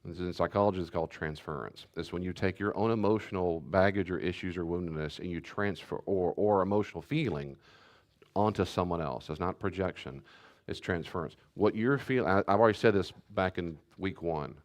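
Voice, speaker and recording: A man's voice: low-pitched, brisk. A middle-aged man, a pastor, teaching a church class in a conversational way, repeating his key points and restarting sentences as he goes.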